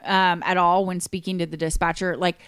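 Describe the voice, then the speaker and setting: A woman's voice: fairly low pitch, little pitch movement, a little fast, a bit bright, clear, resonant tone, no echo, clean studio sound. A woman casually recounting a true crime case on a podcast, chatty, with lots of restarts and fillers. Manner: chatty, many likes and restarts. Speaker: podcast co-host.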